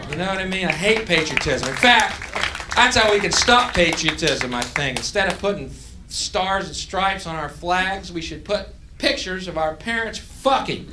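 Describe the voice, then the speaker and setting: A stand-up comedian ranting angrily on stage, swinging between loud outbursts and low mutters. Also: male voice, noisy background.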